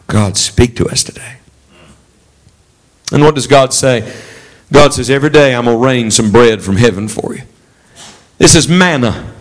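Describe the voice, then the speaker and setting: A man preaching a sermon as a traveling preacher, leading the congregation in call-and-response. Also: low-quality recording. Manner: animated, swooping pitch for emphasis.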